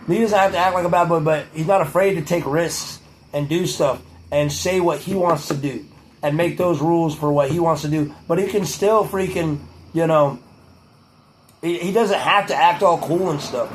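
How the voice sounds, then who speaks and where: A man's voice: fairly high pitch, moderate pace, a little hiss or hum, rough recording. A young man vlogging in a loose, profane ramble who keeps repeating "truly" and slips into a mock-presidential cadence. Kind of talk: rambling casual monologue to camera.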